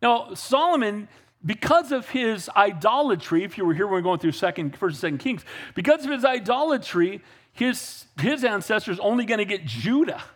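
A man preaching a sermon as pastor, swinging from calm asides to fervent, raised passages and calling out to the congregation. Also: high voice, normal speed. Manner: builds to fervent, raised preaching, with audience call-outs.

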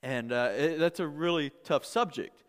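A man's voice: fairly high pitch, normal speed, clear, resonant tone. Man preaching in a reverberant hall. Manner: conversational, repeats words, builds to emphatic peaks. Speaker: pastor. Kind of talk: sermon.

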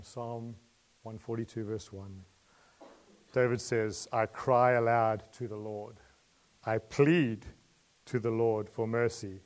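Speaking at medium pitch, a man delivers a sermon in which he asks his audience questions and laughs lightly between points. He moves back and forth between soft asides and loud emotional pleas.

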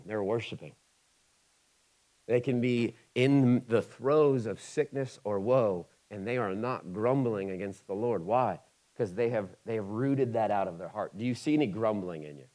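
A male pastor preaching a conversational sermon to a congregation, with quick asides and big swings from loud to quiet. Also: lowish voice.

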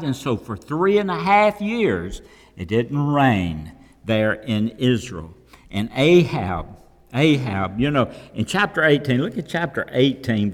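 A man preaching a sermon to a congregation, conversational, with repeated rhetorical questions. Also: medium pitch. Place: church hall. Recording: long reverb of a church hall.

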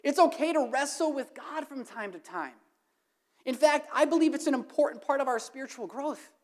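A woman's voice: sits high, expressive, normal speed, darkish tone. A woman preaching a sermon to her congregation, emphatic and building to impassioned, repeated questions. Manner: emphatic, rising to impassioned repetition.

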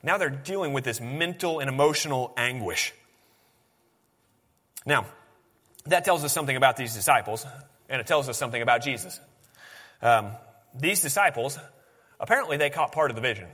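A man's voice: mid-range voice, expressive, moderate pace, long pauses, pushed and bright, husky, in a large hall. A man preaching a sermon in an earnest, conversational way, often restarting his sentences.

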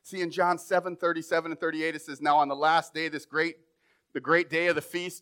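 A pastor preaching a sermon in a conversational way, building up to emphatic points. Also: male voice, on the high side, flat delivery, fairly quick, fairly bright tone.

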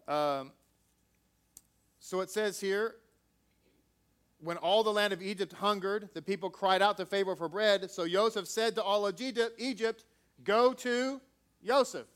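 A man's voice: high voice, a little slow, pauses often, a bit bright, clear, resonant tone. A man reading scripture aloud and then preaching in a conversational way, joking with the congregation. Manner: conversational, jokey asides with audience.

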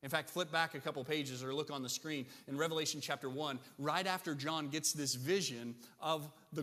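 A man preaches a sermon with an emphatic delivery and keeps asking his listeners "right?". His voice sits fairly high. The sound carries a long reverb, as in a church sanctuary. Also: bright, forceful tone. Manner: emphatic, asks the congregation "right?". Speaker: pastor.

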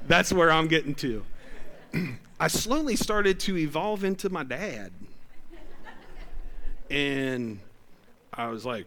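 A middle-aged male pastor preaching a sermon in a conversational, joking way, with sudden loud bursts. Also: fairly high pitch, animated, slow pace, long pauses, slight background noise.

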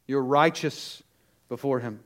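A man preaching a sermon to his congregation with emphatic, urgent delivery, hitting key words hard and dropping into quick asides. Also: medium pitch, fairly bright tone. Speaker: pastor.

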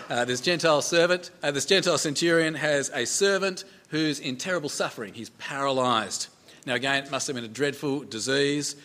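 A man's voice: medium pitch, pushed and bright. A man preaching a sermon in a conversational way, repeating phrases for emphasis and asking rhetorical questions.

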